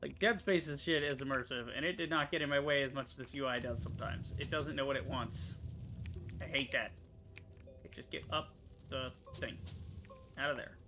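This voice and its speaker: A man's voice: medium pitch, fairly even intonation, bright, forceful tone, a little hiss or hum. A young man, a gaming streamer, giving casual let's-play commentary, muttering to himself and cursing when the game annoys him. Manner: profane, quick to frustration, muttering to himself.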